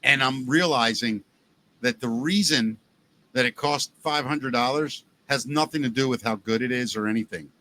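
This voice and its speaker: A middle-aged man hosting a casual podcast chat, telling stories in an animated way, acting out quotes and swearing freely. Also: medium pitch, moderate pace, a little hiss or hum. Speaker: podcast host.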